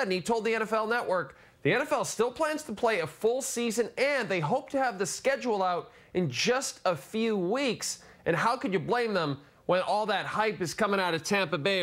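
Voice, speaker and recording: A man's voice: high-pitched, fairly bright tone. A man co-hosting a sports talk show, with an upbeat delivery that reads like a promo. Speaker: co-host.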